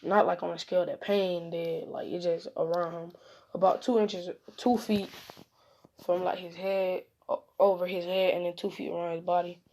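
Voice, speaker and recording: A woman's voice: lowish voice, little pitch movement, normal speed, mellow. A woman casually telling an improvised fan story, rambling and correcting herself as she goes. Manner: rambling, self-correcting, slangy.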